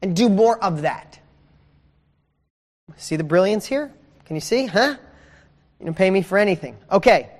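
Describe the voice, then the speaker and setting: A man's voice: high-pitched, expressive. Fired-up man coaching in a reverberant room. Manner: fired-up, preachy, asks rapid questions, swears casually. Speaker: success coach hosting a members' group. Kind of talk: energetic motivational livestream.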